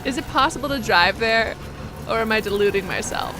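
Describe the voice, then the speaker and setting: A woman's voice: on the high side, a little fast. A young woman streamer giving casual, exasperated commentary while playing a game, chatting with her audience. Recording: noticeable background noise.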